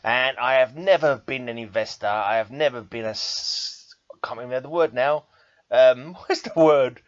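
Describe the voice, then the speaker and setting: A man's voice: medium pitch, moderate pace. A man talking casually about comics in a rambling, self-mocking way. He laughs at himself often and speaks in a medium voice. The recording is dull and muffled, with a close, dry sound and no room echo. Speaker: comic book vlogger and metal podcaster.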